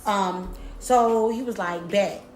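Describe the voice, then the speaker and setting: A woman's voice: medium pitch, lively intonation, normal speed, a bit bright. A young woman telling a storytime to her viewers in a casual, slangy, profane way, often repeating herself. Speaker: storytime vlogger. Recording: roomy echo with faint music.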